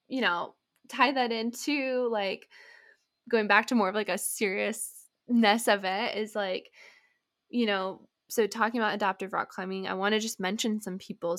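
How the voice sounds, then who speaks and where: A woman co-hosting a podcast, telling a personal story with lively acted-out quotes in casual chat. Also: mid-range voice, moderate pace, no echo, studio quality. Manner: animated storyteller, acts out quoted dialogue. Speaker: podcast co-host.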